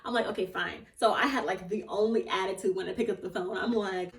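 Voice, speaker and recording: A young woman, a theatre actor, telling a personal story in a casual vlog, animated and often laughing or squealing with excitement. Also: mid-range voice, fast. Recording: echoey room, voice a bit far from the mic.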